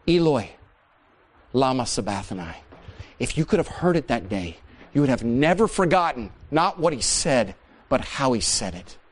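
Man, preacher, sermon, church, emphatic peaks, hushed asides. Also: medium pitch. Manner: swings from loud emphatic peaks to quiet asides.

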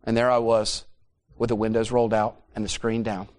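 A man preaching a sermon in a church, swinging from loud, emphatic peaks down to quiet, hushed asides. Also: fairly low pitch, flat delivery, a little fast.

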